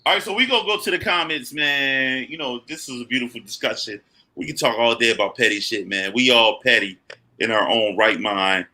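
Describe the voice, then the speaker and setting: A man's voice: medium pitch, fairly quick, bright, forceful tone. A man co-hosting a podcast in casual, blunt, profane chat. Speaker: podcast co-host.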